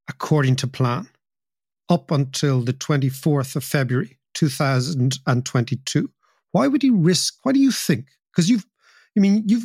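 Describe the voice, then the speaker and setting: A man's voice: on the high side, a little mellow, no echo, studio quality. A man hosting a podcast interview, asking probing questions and rephrasing as he goes. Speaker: podcast host.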